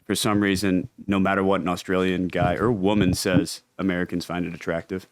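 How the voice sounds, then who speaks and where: Comedian guy guesting on a podcast, low voice, laid back, kinda hesitant. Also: flat delivery, fairly quick, a little hiss or hum. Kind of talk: casual chat.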